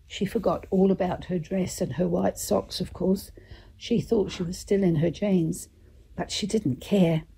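Woman reading a children's story, mellow voice. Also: on the low side, steady tone, measured pace, creaky, slight background noise.

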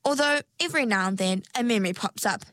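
A woman's voice: mid-range voice, fast talker, fairly bright tone, dry recording, close to an everyday voice. A woman voicing a young female who has lost her memory, talking hesitantly and wonderingly. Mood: uncertain.

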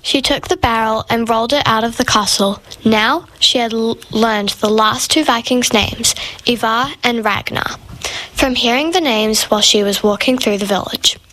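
A woman reads a story aloud with a bright, forward voice that sits a little high. She narrates clearly. Now and then she repeats a word before going on. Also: moderate pace, low-quality recording. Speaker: story reader.

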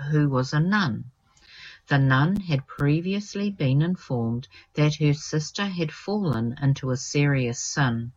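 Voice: mid-range voice, lo-fi sound. Reverent reader of a saint's life. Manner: measured, reverent reading with small slips. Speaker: narrator. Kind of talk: reading a saint's life aloud.

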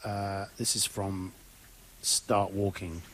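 A man's voice: deep voice, level tone, takes it slowly, fairly bright tone, low-quality recording. A man born in England co-hosting a music show, telling rambling stories in a playful, casual way. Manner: rambling, playful, does silly voices. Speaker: radio show co-host. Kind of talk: casual chat.

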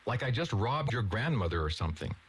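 A man voicing an eager, excitable teenage boy in a read-aloud story. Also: lowish voice, fairly quick, breathy edge. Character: Kent, excitable young teen boy.

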